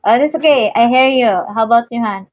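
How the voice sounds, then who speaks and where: A woman co-hosting a casual live-stream interview, asking questions slowly and backchanneling often. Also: fairly high pitch, lo-fi sound. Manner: slow, frequent backchannel. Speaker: co-host interviewer.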